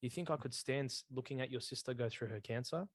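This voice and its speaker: A man's voice: mid-range voice, fast talker, dry recording. Earnest man, dry close sound. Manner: earnest storytelling with slang. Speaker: podcast co-host. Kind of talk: casual faith chat.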